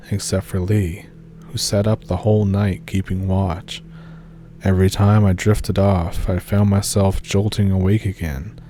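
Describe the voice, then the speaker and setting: Guy reading a creepy story, low dark voice, pretty monotone, steady and calm. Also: a little hiss or hum. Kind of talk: scripted horror story narration.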